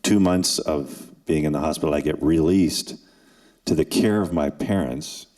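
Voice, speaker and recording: Older guy, really low voice, earnest storytelling to students at a forum, pauses for effect. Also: a little mellow. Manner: earnest, with dramatic pauses and acted quotes. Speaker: former NFL kicker and forum speaker. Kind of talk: emotional personal storytelling to students. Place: event hall.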